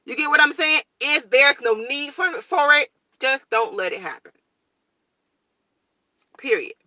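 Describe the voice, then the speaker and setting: A woman's voice: high-pitched, unhurried. A young woman vlogger, talking blunt and straightforward in a casual morning chat to her viewers. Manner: blunt, straightforward, animated storytelling.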